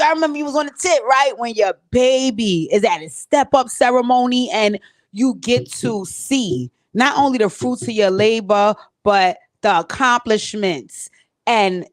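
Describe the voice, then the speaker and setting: Chatty woman live streaming from home. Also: a little high. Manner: emotional, talks to viewers directly, tearful at times. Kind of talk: casual live stream chat. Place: home recording space.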